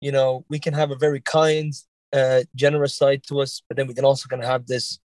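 A man's voice: medium pitch, level tone, brisk, a little mellow, dry recording. An Irish man with a light Dublin accent that has a touch of Boston in it. He is a podcast guest telling stories in a rambling, profane way and laughs often. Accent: Irish, Dublin leaning, slight Boston. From Ireland. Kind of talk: casual interview chat.

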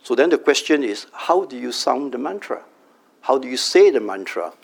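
Calm, gravelly middle-aged meditation teacher. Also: male voice, medium pitch. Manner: calm, measured teaching with slow, drawn-out mantra chanting. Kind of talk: meditation workshop talk. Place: company workshop room.

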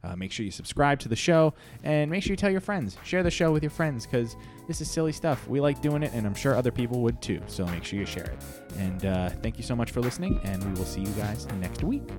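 A man's voice: medium pitch, animated, brisk, darkish tone, soft background music. Rambling, chuckling podcast host, man. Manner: rambling, filler-heavy, chuckling. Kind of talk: casual comedy podcast chat.

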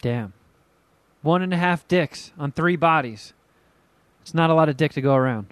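A man with a fairly high, smooth, clear voice, recorded dry and close. He chats casually on a podcast, teasing his co-host with crude jokes and wandering through long anecdotes. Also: normal speed, no echo.

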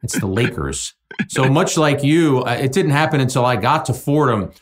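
Guest, middle-aged man from New Jersey, mid-range voice, measured and earnest. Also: mid-range voice, slight background noise. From Jersey City, New Jersey. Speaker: sports journalist guest. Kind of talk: casual conversation.

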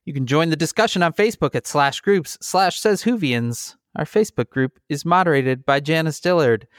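A man's voice: fairly high pitch, normal speed, dry recording. A man in his forties co-hosting a casual podcast from his home basement, with dry, joking banter. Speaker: podcast co-host. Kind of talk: casual chat.

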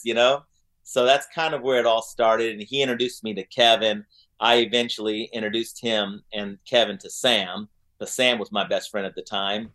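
A man's voice: medium pitch, steady tone, moderate pace, a bit bright. A man with an Oklahoma accent telling stories in a casual interview, rambling with lots of fillers and acting out what people said. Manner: rambling, many fillers, acts out quotes. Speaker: guest singer.

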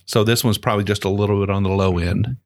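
A man co-hosting a casual bourbon tasting, describing the flavors in a measured way. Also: lowish voice, fairly even intonation, no room sound, studio quality.

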